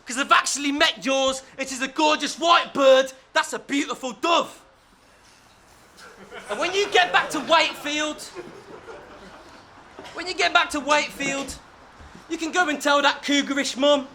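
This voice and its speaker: A man spitting a verse in a live rap battle, shouting punchlines and laughing through his bars. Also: very high-pitched, a little slow, pauses often, a little hiss or hum. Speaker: battle rapper. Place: battle venue before a live crowd.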